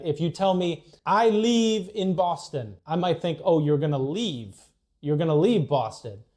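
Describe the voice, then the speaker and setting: Blunt, mellow-toned English teacher man. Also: a little high. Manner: emphatic, blunt, opinionated. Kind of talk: direct-to-camera lesson.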